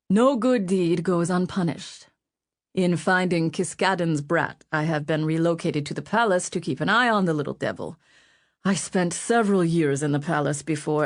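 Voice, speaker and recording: A woman's voice: on the low side, no room sound. A woman voicing a cold, unsentimental male spy writing sardonic notes. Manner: dry, unsentimental.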